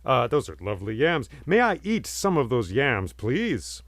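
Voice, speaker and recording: A man's voice: mid-range voice, very animated, a little slow, no room sound. A man doing a proud, touchy forest spirit. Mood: polite, coaxing. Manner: formal, grows indignant and shouting.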